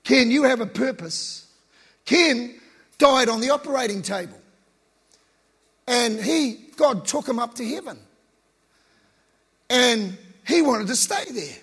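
A man preaching a sermon in a relaxed, slangy, conversational way. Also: very high voice, takes it slowly, pauses often, slightly rough. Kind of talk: casual sermon. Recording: long reverb of a large hall.

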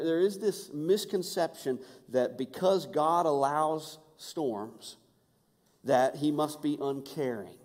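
A man preaching a sermon, moving between urgent, raised passages and hushed, quiet ones. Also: mid-range voice, in a large hall. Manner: dynamic, swings from urgent to hushed. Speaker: pastor.

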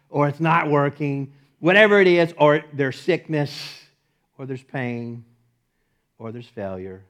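A male pastor preaches to his congregation in a somewhat high voice. He leans on repeated phrases and swings his volume from punchy and loud down to quiet and hushed. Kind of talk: sermon. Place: church service.

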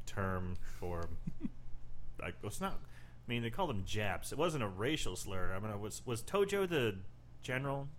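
A man co-hosting a casual movie recap chat, animated and quick to laugh as he retells scenes. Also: lowish voice, a little hiss or hum. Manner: animated, breaks into loud laughing squeals when retelling scenes. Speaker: podcast co-host.

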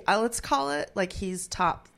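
A woman's voice: mid-range voice, expressive, measured pace, gravelly, a bit bright. A woman co-hosting a podcast, dropping dry quips in casual chat. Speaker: podcast co-host.

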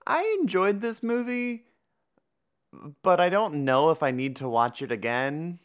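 A woman's voice: on the low side, animated, measured pace. A woman co-hosting a podcast, casual and wry, often laughing. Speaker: podcast co-host. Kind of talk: casual chat.

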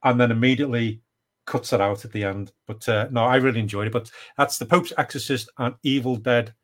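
A middle-aged man co-hosting a casual podcast. He rambles along with plenty of fillers and restarts, his pitch sitting in an ordinary middle range. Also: fairly even intonation, brisk. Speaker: podcast co-host. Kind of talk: casual chat.

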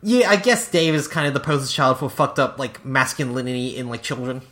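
A woman co-hosting a podcast in casual chat, chatty and quick to laugh, with many "like" fillers. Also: very deep voice, fairly bright tone. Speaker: podcast co-host.

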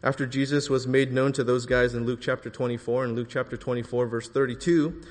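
A man preaching a sermon in a church, emphatic, rising to forceful bursts on key phrases. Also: medium pitch, fairly even intonation, a little fast, in a large hall.

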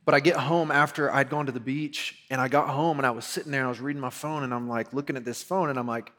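A pastor tells a personal story during a casual sermon, speaking quickly in a mid-range voice. He's animated and laughs as he acts out the quotes.

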